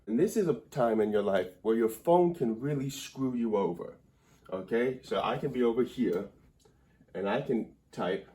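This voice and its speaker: A man's voice: medium pitch, normal speed, mellow. A man giving a comedic grammar lesson at a whiteboard indoors, rambling and wry in a mock-serious way.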